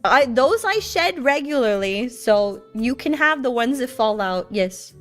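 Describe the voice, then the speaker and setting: A woman's voice: a little high, lively intonation, unhurried, soft background music. A young woman streamer chatting casually with viewers, playful and teasing as she tells stories.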